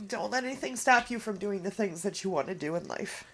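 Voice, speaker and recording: A woman doing a casual card reading, tearful and emotional, speaking haltingly with frequent pauses. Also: medium pitch, expressive, a bit bright. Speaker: oracle card reader.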